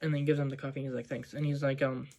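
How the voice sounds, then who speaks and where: A man's voice: medium pitch, flat delivery, very fast, darkish tone. A man casually recapping a movie scene by scene, rambling with lots of "like" and "um". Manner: rambling, full of "like" and "um". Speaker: movie vlogger.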